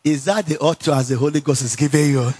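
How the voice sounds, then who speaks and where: A man with a Nigerian accent preaching a sermon in an animated storytelling way, laughing often, repeating phrases and calling for responses from the congregation. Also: a little high, quick pace, breathy edge.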